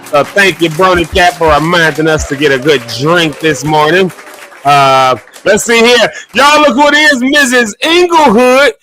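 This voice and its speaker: A man with a voice on the higher side hosts a live morning stream. He chats casually and playfully, greets viewers and reads out their comments. Faint music plays behind him. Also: unhurried, sharp tone. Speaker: host of a live morning show. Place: his office.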